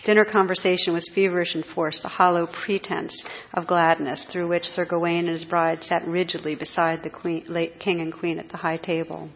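A woman narrating an old legend in a measured, expressive storybook reading. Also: lowish voice, slightly rough. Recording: slightly dull lo-fi recording.

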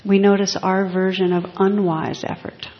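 A woman meditation teacher giving a dharma talk, speaking slowly and softly with reflective pauses. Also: medium pitch, level tone. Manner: slow, soft, reflective, with long pauses. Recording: echoey hall, dull lo-fi sound.

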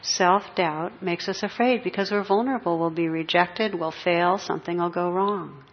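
A woman giving a spiritual talk as a meditation teacher, speaking gently and reflectively with pauses. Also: fairly low pitch. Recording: dull muffled recording.

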